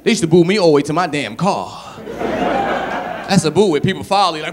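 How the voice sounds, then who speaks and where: A man from Brooklyn doing a stand-up comedy set in a club, telling stories and acting out bits with shouts. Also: a little high, fairly quick, long pauses, slight background noise. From Brooklyn, New York. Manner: animated storytelling, shouts and acts out bits.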